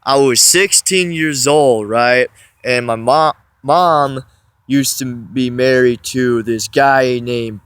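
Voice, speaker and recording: A man's voice: medium pitch, fairly bright tone, clear, resonant tone, dry recording. A man telling a story in a casual vlog, rambling with many restarts, recorded on his phone. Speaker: vlogger.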